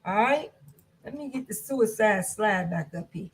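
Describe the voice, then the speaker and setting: A woman's voice: medium pitch, lively intonation, unhurried. A woman teaching a class on domestic violence, speaking in an earnest, repetitive, conversational way with many fillers.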